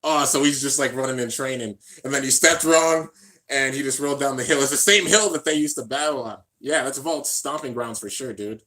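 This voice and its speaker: A man with a bright, forceful voice runs a live reaction stream and chats casually in slang. He jumps from excited shouting down to quiet mumbling and says "dude" all the time. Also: fairly quick. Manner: swings between hyped shouting and low mumbling.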